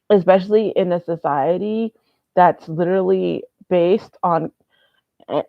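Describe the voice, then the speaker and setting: A young adult woman gives a casual, candid vlog monologue, rambling and swearing freely. Her mid-range voice carries vocal fry, and the phone-quality recording has no echo.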